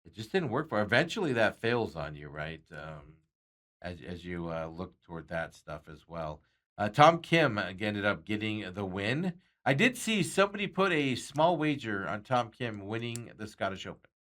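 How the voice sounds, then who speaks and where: A man speaks at a normal pace in a lowish, very animated, slightly bright voice while hosting a sports talk show. His casual betting chat wanders, broken up by viewer comments he reads out and lots of chuckles.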